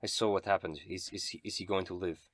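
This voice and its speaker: A pale, mysterious woman on horseback, played by a man in his own low voice asks hesitant, stumbling questions. The delivery stays dry and close, with little change from his normal voice. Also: steady tone, quick pace, dry recording. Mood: concerned.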